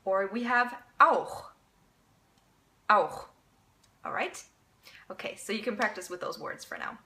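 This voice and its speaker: Woman, language teacher, bright voice, step-by-step explanations, slow repeated examples. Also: mid-range voice, poor audio. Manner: explains step by step, often checks in with "okay?"; models sounds slowly and repeats example words. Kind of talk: casual online language lesson.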